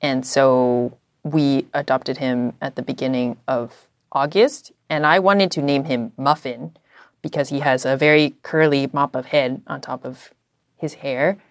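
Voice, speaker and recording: A woman from Canada chats as a guest, telling lively anecdotes packed with casual fillers. Her voice sits low. The sound is close and dry, with no room around it. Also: a little slow, no room sound. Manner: chatty, animated storytelling with many fillers. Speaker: guest, journalist. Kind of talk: casual interview chat.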